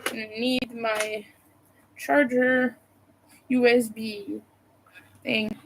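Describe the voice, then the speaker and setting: A woman's voice: fairly high pitch, flat delivery, drawn-out words, vocal fry, noisy background. A sleepy woman on a casual livestream from home, rambling and apologizing as she thinks aloud. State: sleepy, yawning.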